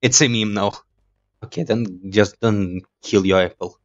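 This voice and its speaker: Excitable man, slightly dull mic. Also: lowish voice, measured pace. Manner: excitable, jokey, laughs at himself. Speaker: gaming YouTuber. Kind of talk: casual let's-play commentary.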